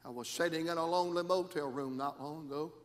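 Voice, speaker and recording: A man preaching a sermon in a church, with dramatic, repetitive cadences that move between hushed and shouted lines. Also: fairly high pitch, quick pace. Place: church sanctuary. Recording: long church reverb.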